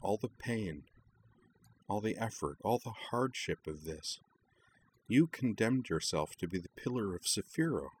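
A man voicing a tender, heartbroken young woman in a story reading, speaking softly and tearfully. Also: lowish voice, expressive, measured pace, slight background noise, poor audio. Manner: soft, quiet, tearful delivery.

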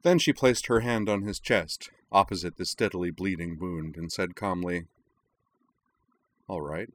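A man narrating a story aloud in a steady, dramatic reading. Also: low voice, moderate pace. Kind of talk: audiobook reading of fan fiction.

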